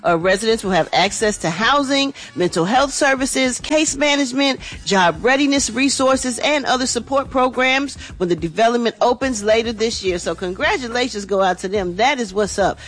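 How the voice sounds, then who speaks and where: Chatty woman radio gossip host. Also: a little high. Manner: chatty, casual, addresses listeners as y'all. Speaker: entertainment news host. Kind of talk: radio morning show gossip segment.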